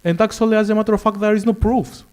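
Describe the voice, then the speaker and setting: A man's voice: sits high, fairly even intonation, very fast, a little mellow. Eager man with a raised panel voice. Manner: enthusiastic, speeds up in bursts. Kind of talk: round-table discussion.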